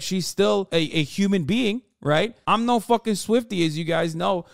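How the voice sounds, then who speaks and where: A man's voice: high voice, vocal fry, dry recording. A man hosting a live podcast, giving a heated, profane and sarcastic rant into a close microphone. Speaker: streamer podcast host. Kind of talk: ranting live commentary.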